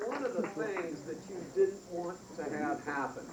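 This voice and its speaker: A man's voice: high-pitched, animated, normal speed. A man giving a eulogy, wryly remembering childhood with his mother. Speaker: family member giving a eulogy. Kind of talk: eulogy storytelling. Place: funeral service hall. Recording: echoey room from far off, loud noise.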